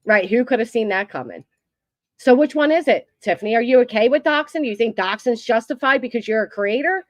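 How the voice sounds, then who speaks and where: A woman's voice: fairly high pitch, animated, brisk, no echo. A woman commenting on a clip of an online argument in a reasoned, questioning way.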